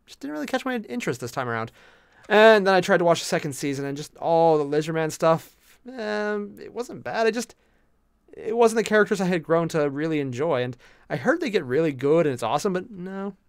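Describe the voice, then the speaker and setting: Lively, jokey young streamer guy. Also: a little high, a little fast, clean tone, dry recording, studio quality. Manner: animated, jokey, chatty with viewers. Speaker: miniature painting streamer. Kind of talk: casual live-stream chat.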